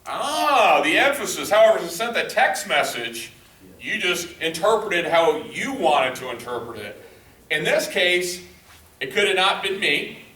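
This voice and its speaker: A man's voice: high voice, measured pace. A man leading a corporate training workshop, speaking conversationally and acting out quoted lines. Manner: lively, conversational, acts out quotes. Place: large training room. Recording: echoey room from far off.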